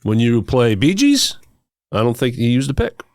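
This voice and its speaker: Relaxed male co-host, bass player. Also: normal speed, no echo, clean studio sound. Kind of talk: casual chat.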